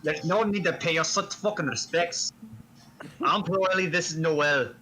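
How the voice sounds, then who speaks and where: A man's voice: fairly high pitch, moderate pace, sharp tone, a little hiss or hum. A man playing a crude, hard-drinking man who calls everyone dearie and swears a lot. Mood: cheeky. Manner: crude and cheeky, swears often.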